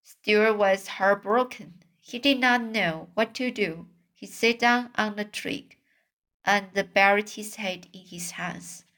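Slow, hesitant woman reading a storybook. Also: mid-range voice, fairly bright tone. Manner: hesitant, many fillers when commenting. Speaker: reader.

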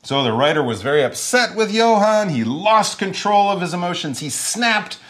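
A man teaching English vocabulary in a relaxed, conversational lesson, often acting out little example voices. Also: high-pitched, moderate pace. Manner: animated, acts out example voices.

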